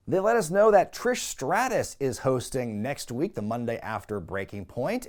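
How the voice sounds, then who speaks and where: A man casually recapping an old wrestling show as a podcast host, sarcastic and animated, acting out quotes in mock voices. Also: mid-range voice.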